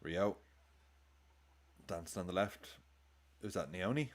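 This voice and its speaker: A man hosting a football watchalong, chatting excitably and swearing as he reacts live to the game and his chat. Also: low voice, takes it slowly. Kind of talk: live match commentary and chat.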